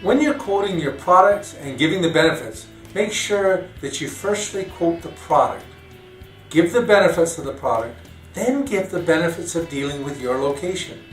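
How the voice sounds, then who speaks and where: A man's voice: fairly high pitch, lively intonation, a bit bright, roomy sound, far from the mic, faint music behind, rough recording. Instructive man narrating a training course. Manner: clear, instructive, measured.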